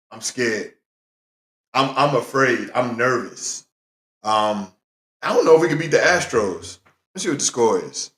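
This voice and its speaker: A man with a medium-pitched, slightly bright voice hosts his own casual solo talk show, speaking straight to his viewers. He greets them often and repeats phrases for emphasis, and the recording has a roomy echo.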